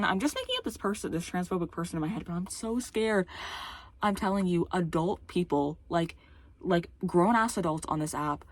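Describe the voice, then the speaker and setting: A woman rants into the camera in a casual vlog, her voice fairly low for a woman and her speech slightly slurred by a dental retainer. She sounds heated and exasperated, stops and restarts often, and her voice cracks now and then. The recording is close and dry, with no room sound. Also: no room sound. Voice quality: occasional voice cracks. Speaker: YouTuber.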